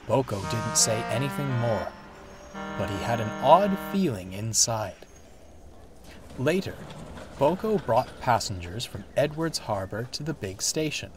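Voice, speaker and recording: A man narrating a children's storybook in an expressive, unhurried way, with music playing behind him. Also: medium pitch.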